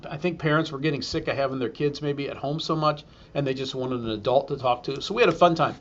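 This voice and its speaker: A man's voice: medium pitch, quick pace, highs cut off. A man, a school superintendent, telling a humorous self-deprecating story to an audience and acting out the quotes.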